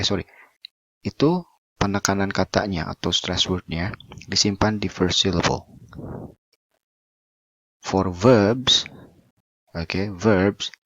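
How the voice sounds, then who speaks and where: A man with an Indonesian accent teaching an English lesson, mixing in Indonesian and slowly repeating example words with emphasis. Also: deep voice, fairly bright tone, no room sound, dull audio. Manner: switches between English and Indonesian explanations.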